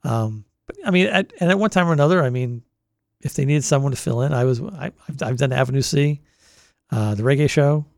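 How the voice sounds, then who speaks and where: Older boston guy, quick rambly talk, gravelly voice, dry close sound. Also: mid-range voice, darkish tone, no room sound. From Boston area. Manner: rambling storyteller, many restarts. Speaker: longtime college radio volunteer. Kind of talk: oral history interview.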